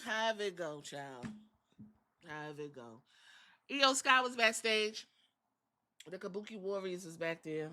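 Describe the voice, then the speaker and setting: A woman's voice: lowish voice, expressive, takes it slowly, pauses often, bright, forceful tone. A woman hosting a podcast, recapping wrestling in a sassy, profane, casual way. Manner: sassy, profane, acts out quotes. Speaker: podcast host.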